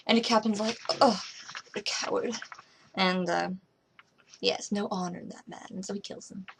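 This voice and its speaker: A young adult woman vlogging casually, rambling with many fillers and restarts, her voice trailing off quietly at the ends of thoughts. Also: medium pitch, a little hiss or hum.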